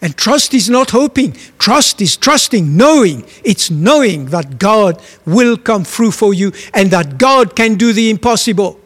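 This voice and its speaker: A man's voice: high voice, lively intonation, measured pace, few pauses, fairly bright tone, in a large hall. A man preaching a sermon, telling a story emphatically and asking his listeners questions.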